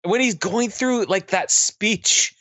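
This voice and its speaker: A man co-hosting a podcast, talking enthusiastically over a film with quick bursts of laughter. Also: sits high, fairly bright tone, dry recording, studio quality. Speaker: podcast co-host. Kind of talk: casual movie commentary.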